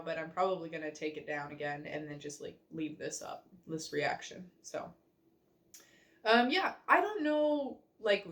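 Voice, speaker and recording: A woman's voice: lowish voice, fairly bright tone. A young woman rambling chattily in a casual reaction vlog, full of fillers and self-mockery. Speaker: vlogger.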